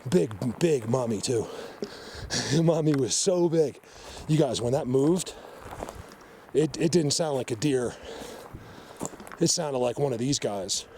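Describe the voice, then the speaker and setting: A man talks to his viewers from the woods, his voice soothing one moment and anxious the next. He sounds emotional and earnest. Steady outdoor noise sits clearly behind him. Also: medium pitch, takes it slowly. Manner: emotional, soothing and fretful, addresses viewers directly. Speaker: vlogger. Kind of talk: on-the-spot nature vlog.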